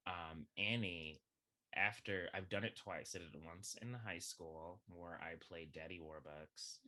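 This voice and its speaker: A young man talking as a podcast guest in a casual, animated chat full of filler words. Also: low-pitched, a little slow. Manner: animated, chatty, heavy use of filler words.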